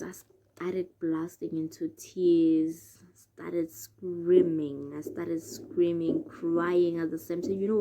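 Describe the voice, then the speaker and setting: A woman's voice: on the low side, noisy background. A woman with a South African accent telling a story in a casual vlog, chatting straight to her viewers. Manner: chatty, addresses viewers as guys. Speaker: YouTuber.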